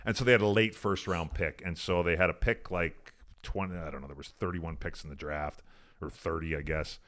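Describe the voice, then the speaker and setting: A man's voice: sits low, steady tone, fairly quick, a bit bright. A man, a former pro hockey player from Alberta, telling a long, profane, rambling story in a casual interview, full of "like" and "I'm like.". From Alberta, Canada.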